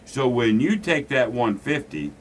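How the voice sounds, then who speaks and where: A man's voice: mid-range voice, big pitch swings, unhurried, slight background noise. A man teaching a casual craps lesson, blunt and preachy, swearing freely. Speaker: gambling instructor.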